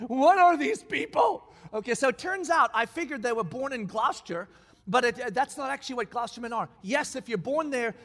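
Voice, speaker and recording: A man's voice: very high voice, fast. A man preaching a sermon, telling a story with emphasis and acting out the lines of the people in it. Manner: animated, acts out quoted lines, emphatic. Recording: long reverb of a large hall.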